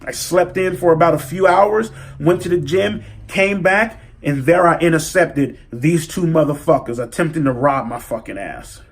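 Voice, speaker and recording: A man telling a story in a casual vlog, profane and animated as he rants. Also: a little high, moderate pace, vocal fry, few pauses. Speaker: vlogger.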